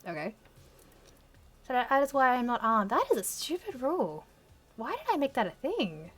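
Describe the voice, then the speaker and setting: A young woman with a somewhat high voice reads her own old story aloud. She keeps breaking off to mock it with sarcastic, self-deprecating commentary and frequent laughter. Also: sing-song, moderate pace, a bit bright, husky. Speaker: channel host reading her teenage fan fiction aloud.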